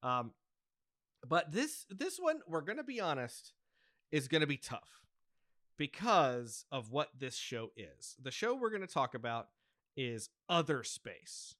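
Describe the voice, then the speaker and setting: American man, podcast co-host, bright tone, dry close sound. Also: fairly high pitch, sing-song, measured pace, dry recording. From United States. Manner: enthusiastic, wraps up and introduces the next topic. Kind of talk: casual chat.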